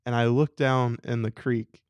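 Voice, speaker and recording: A young man co-hosting a talk show, animated and playful, acting out voices as he tells a story. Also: medium pitch, a little slow, clean tone, dry recording. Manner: acts out voices, laughs often. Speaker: radio show co-host. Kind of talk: casual chat, animated storytelling.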